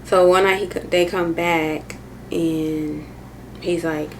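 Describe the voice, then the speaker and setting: A woman's voice: on the low side, fairly even intonation, slow pace, a little hiss or hum, poor audio. A woman vlogger telling a personal story in a loose, slangy way, candid and matter-of-fact, with lots of "like" and "or whatever.". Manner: candid, matter-of-fact retelling of hard memories.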